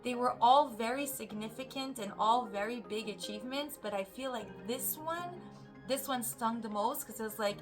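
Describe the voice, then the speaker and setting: A woman's voice: fairly high pitch, moderate pace, over music. A woman, a mother, casually telling a story to camera and animatedly acting out what others said. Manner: animated, acts out quoted voices. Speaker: mother vlogger.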